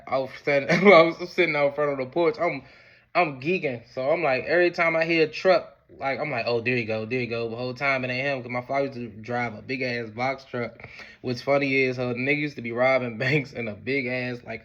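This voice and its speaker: A man's voice: fairly bright tone, muffled recording. A man telling a personal story in casual, slangy speech, with lots of fillers. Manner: slangy, laid-back, peppered with "boom" and "whatever the case may be".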